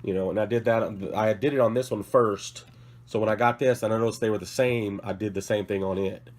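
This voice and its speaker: A man's voice: lowish voice, fairly even intonation, a little fast, a little mellow. A man with a cough, sick, hosting a casual hobby vlog from his work table, rambling and correcting himself as he shows off models. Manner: rambling, self-correcting, apologetic. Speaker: hobby channel host.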